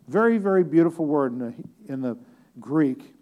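A man's voice: high-pitched, normal speed, a little mellow. A man preaching a conversational sermon, talking directly to the congregation with repeated phrases and joking asides.

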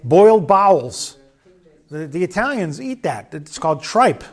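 A man's voice: high voice, big pitch swings, a little slow, crowd noise. A man preaching a sermon in church, conversational and joking with the congregation. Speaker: pastor.

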